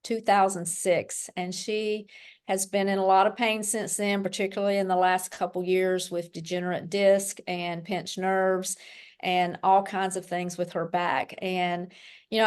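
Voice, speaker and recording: A woman with a mid-range voice hosts a relaxed conversation. She is upbeat and encouraging, and she asks her guest simple follow-up questions. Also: medium pitch, moderate pace. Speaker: host. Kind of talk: casual chat.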